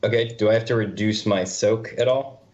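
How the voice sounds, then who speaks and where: A man's voice: on the low side, steady tone, a little fast, darkish tone, highs cut off. A man playing a tabletop game, joking and blunt with the others. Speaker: tabletop player.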